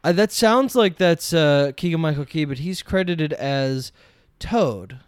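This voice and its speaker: A man's voice: fairly high pitch, animated, unhurried, clear, resonant tone, no room sound. A man co-hosting a casual movie podcast, upbeat and leading the segments. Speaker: podcast co-host.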